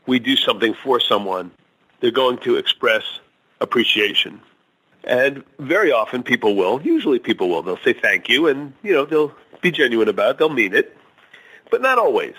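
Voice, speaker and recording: A man speaking as a guest on a talk show. He talks casually and hesitantly, with fillers and restarts, at a middling pitch. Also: bright, forceful tone, breathy edge, poor audio. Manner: hesitant, many fillers and restarts, tells jokes slowly. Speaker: guest author.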